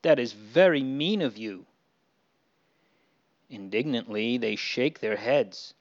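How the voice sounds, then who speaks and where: A man telling a Bible story to children in a gentle storytelling manner. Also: mid-range voice, lively intonation, takes it slowly, dull audio.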